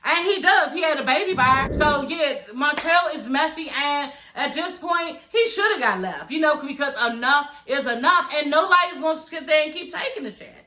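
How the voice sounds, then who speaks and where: Sassy, profane woman with a bright voice. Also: high voice, animated, normal speed, hardly any pauses. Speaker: reality TV recap vlogger. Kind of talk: casual recap commentary. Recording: echoey room.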